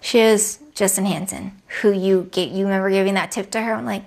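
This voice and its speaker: A woman's voice: medium pitch, steady tone, brisk, vocal fry. A young woman in an interview who tells her story animatedly and acts out the dialogue.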